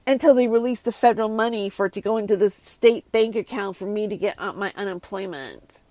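A woman's voice: mid-range voice, brisk, dark tone, no echo. A woman from the United States in a casual, rambling rant to her viewers, frustrated, with many restarts and asides. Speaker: vlogger. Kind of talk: casual ranting monologue to viewers.

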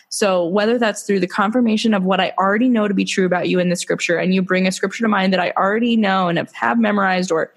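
A woman's voice: medium pitch, gravelly. Chatty mother sharing faith stories. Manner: chatty, many fillers, emotional storytelling. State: tearful when moved. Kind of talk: casual faith conversation.

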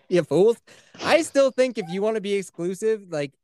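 Animated, swearing male podcast host. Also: high voice, normal speed, smooth, no room sound, clean studio sound. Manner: profane, animated, laughs often. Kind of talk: casual podcast chat.

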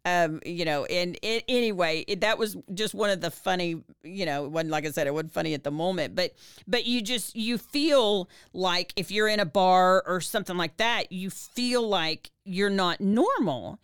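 Smooth-voiced woman telling a story. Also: normal speed, no room sound, clean studio sound. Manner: animated, many restarts, pitch rises when reliving tears. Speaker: podcast co-host. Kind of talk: casual storytelling to her husband.

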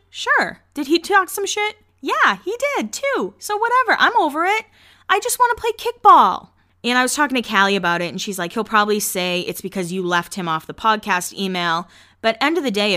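Speaking in a smooth, rather low voice, a young woman podcast host shares stories about her job and social life in a casual monologue. She's candid and blunt, swears freely, and imitates people in lively voices when quoting them.

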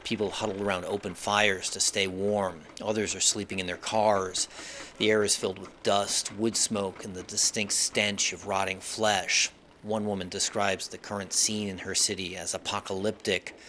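A male foreign correspondent narrating a scripted news report from the field in a measured, somber way. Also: fairly low pitch, flat delivery, bright, forceful tone, a little hiss or hum.

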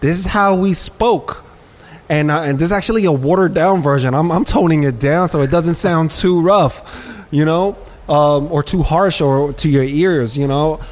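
A man's voice: a little high, moderate pace. A man hosting a podcast, telling personal stories in a candid, rambling way with frequent restarts. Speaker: podcast host. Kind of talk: casual chat.

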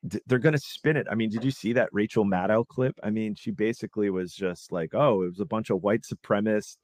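Casting: low-voiced man, heated profane rant, dry close sound. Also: a little mellow, no echo. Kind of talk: casual political chat.

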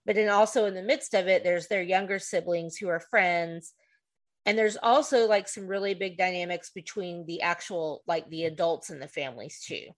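A woman's voice: fairly low pitch, steady tone, moderate pace. A woman co-hosting a podcast in casual chat, talking chattily and rambling with lots of fillers while recounting a movie. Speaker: podcast co-host.

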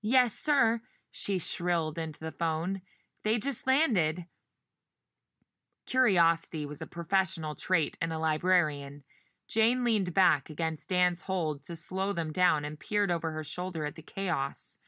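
A woman narrating a novel in measured storytelling style, giving each character a voice. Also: low voice, sharp tone, no echo, studio quality. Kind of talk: audiobook narration.

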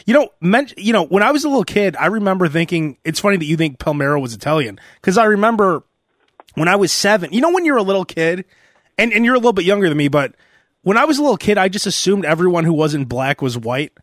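A man in his thirties hosting a podcast, telling rambling, animated stories and laughing as he goes. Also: high voice, fast, no room sound, studio quality. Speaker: podcast host. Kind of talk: casual podcast chat.

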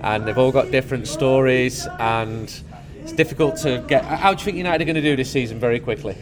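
Guy reporting live from a fan event, playful, medium pitch, crowd noise all around. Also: a little fast. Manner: lively, playful. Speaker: reporter on location. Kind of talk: live on-location hosting. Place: busy fan gathering.

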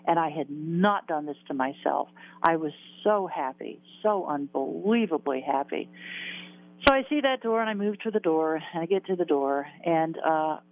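A woman's voice: sits low, lively intonation, moderate pace, a little hiss or hum. A woman in her sixties, a guest in an interview, recounting a personal near-death story earnestly and emotionally, repeating words and laughing at herself. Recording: tinny phone-line sound.

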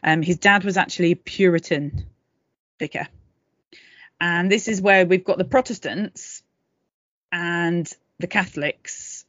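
A woman's voice: on the low side, fairly even intonation, unhurried, no echo. Jokey woman chatting history. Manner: chatty, jokey asides, laughs often. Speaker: podcast co-host. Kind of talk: casual history chat. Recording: slightly dull, dry home mic.

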